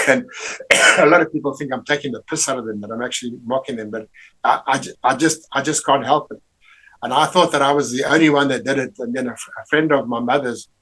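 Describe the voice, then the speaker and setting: An older man tells army stories in a casual interview. His voice is husky and sits at an ordinary pitch. He rambles, restarts his sentences often and drops in salty slang. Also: a bit bright, rough recording. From Rhodesia. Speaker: army veteran guest.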